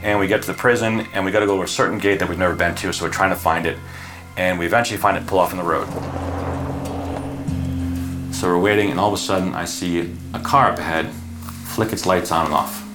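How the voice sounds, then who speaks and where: A man's voice: low voice, quick pace, pauses often. A man vividly recounting a tense night drive as an interviewee. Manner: lively, vivid storytelling. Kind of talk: recounting story. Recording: roomy, music behind.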